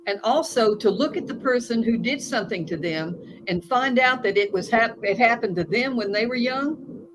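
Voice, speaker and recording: A woman's voice: a little high, lively intonation, moderate pace. A woman life coach, a guest in an interview, telling stories in an earnest, emphatic way. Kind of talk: conversational interview. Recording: noisy recording.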